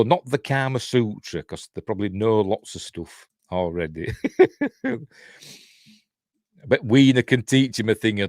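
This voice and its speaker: A man's voice: fairly low pitch, no room sound, studio quality. A man with a Yorkshire accent gives a casual film review, rambling along with chuckling asides.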